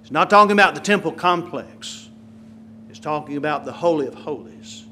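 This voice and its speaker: Preacher guy, high bright voice, gets loud then drops soft, drags out the big words. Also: expressive, slight background noise. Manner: emphatic, swings from quiet to loud, slows on key words. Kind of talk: sermon.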